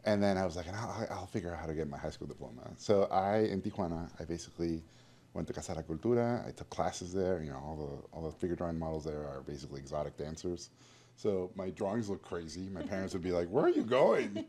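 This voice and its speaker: Low mellow guy telling stories in an interview, really animated, acts out the voices. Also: fast talker. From Mexico. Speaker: guest animator. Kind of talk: storytelling interview.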